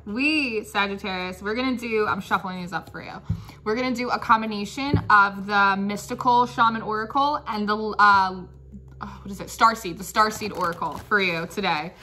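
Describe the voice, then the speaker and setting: A woman's voice: mid-range voice, normal speed, sharp tone. A woman giving a casual tarot reading, chatty and playful, often laughing and breaking into song. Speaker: tarot reader.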